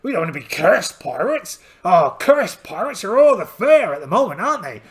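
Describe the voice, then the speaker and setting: Here a man takes on the role of a blustering, good-humored pirate captain missing an eye, telling a solo tabletop game in character. The voice is gravelly and high, with big pitch swings and theatrical exclamations at a normal speed, all in a storytelling mood.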